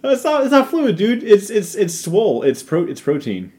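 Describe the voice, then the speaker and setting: A man's voice: high voice, wildly swooping pitch, moderate pace, a little mellow. Joking young man in casual banter. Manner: joking, laughs often, swears. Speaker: podcast co-host.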